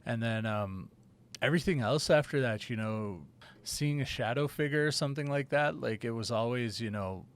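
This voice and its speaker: A man co-hosting a casual podcast, telling his own eerie experiences in a relaxed, rambling way with casual swearing. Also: medium pitch, normal speed, smooth. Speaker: podcast co-host. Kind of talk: casual storytelling chat.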